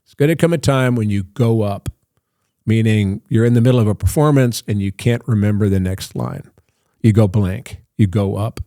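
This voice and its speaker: A man's voice: fairly low pitch, moderate pace, mellow, dry recording, clean studio sound. An older man, a guest actor in an interview, telling long anecdotes in a loose, self-interrupting way. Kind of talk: casual storytelling interview.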